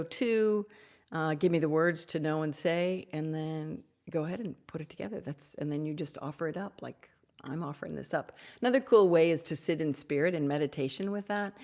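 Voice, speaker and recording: Low gravelly woman hosting a live Q&A. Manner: warm, effusive, drops to soft whispers at times. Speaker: host answering audience questions. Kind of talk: live Q&A on spiritual topics.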